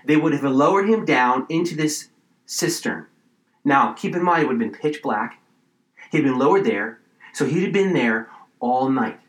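A man preaching a sermon, emphatic, with dramatic pauses and repeated phrases. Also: on the high side, fairly bright tone, echoey room, poor audio. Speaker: pastor.

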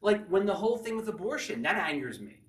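A man preaching an earnest sermon as a pastor, reading scripture aloud and rising to near-shouts. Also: sits high, big pitch swings, fast. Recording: echoey room, from a distance.

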